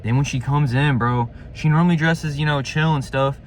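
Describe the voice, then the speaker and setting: A man's voice: fairly high pitch, moderate pace, a little hiss or hum. Slangy man rambling through a storytime. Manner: rambling and slangy, full of "dude", "like" and swearing. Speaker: vlogger telling a personal story. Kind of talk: casual storytime monologue.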